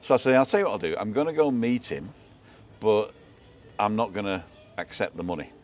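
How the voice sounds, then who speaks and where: A man's voice: on the low side, animated, a little fast, a little mellow, soft background music. A man who co-hosts a live show, telling rambling anecdotes in casual chat and checking in with tag questions.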